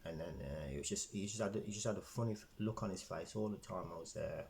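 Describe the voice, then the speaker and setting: A man's voice: sits low, fast, gravelly, a little mellow, slight background noise, low-quality recording. A man telling a rambling storytime vlog, repeating himself with lots of fillers. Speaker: vlogger.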